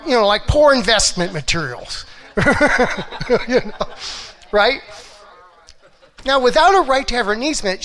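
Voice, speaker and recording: Giving a motivational talk, this middle-aged relationship coach brings his stories to life by acting out quotes, moving between hushed and loud delivery. His voice sits high.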